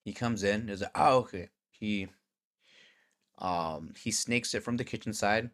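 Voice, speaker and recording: A man with a fairly low voice tells a long story in a loose, casual vlog style. He swears freely and acts out each side of the conversations as he goes. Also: measured pace. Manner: animated, profane, acts out conversations. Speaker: vlogger.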